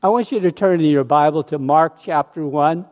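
A male pastor preaching a sermon in a slow, emphatic manner. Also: fairly high pitch, darkish tone, muffled recording. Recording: long hall reverb.

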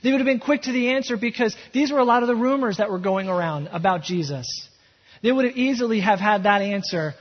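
Delivering a sermon at a quick pace, a pastor with a high, husky voice tells the scene as a story and works up to fervent emphasis. The audio sounds like an echoey hall, muffled and lo-fi.

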